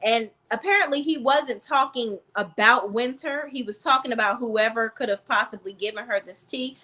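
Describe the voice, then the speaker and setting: High, lively blunt woman reviewer. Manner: blunt, profane, emphatic; talks straight to the viewers as "sis" and "y'all". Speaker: reality TV reviewer. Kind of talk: casual commentary vlog.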